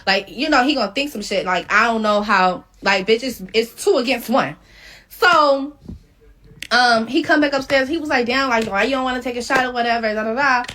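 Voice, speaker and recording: A woman's voice: a little high, normal speed. A woman telling a story in a casual, profane way, acting out what people said. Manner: animated, profane, acts out quotes.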